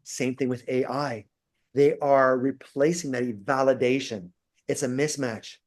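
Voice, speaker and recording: Animated man telling stories. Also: mid-range voice, measured pace. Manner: animated storyteller, acts out quotes. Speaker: guest, university lecturer. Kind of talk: casual interview.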